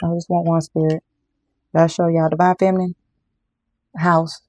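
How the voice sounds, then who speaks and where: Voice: mid-range voice, level tone, moderate pace, a little mellow, dry recording. A tarot reader giving a casual card reading to viewers, emphatic and repetitive, often calling the audience y'all.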